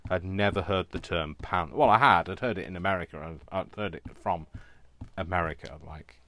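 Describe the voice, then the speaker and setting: A man chatting casually as he crafts, rambling along and quick to laugh. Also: sits low, steady tone, a bit bright, no echo. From Britain. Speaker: crafting vlogger. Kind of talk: casual chat while crafting.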